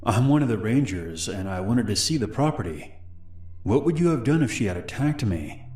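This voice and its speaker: A man's voice: medium pitch, big pitch swings, moderate pace, darkish tone, reverberant, soft background music, voice pushed up, lightly acted. A man voicing a falsely friendly stranger in his twenties who turns cold and menacing.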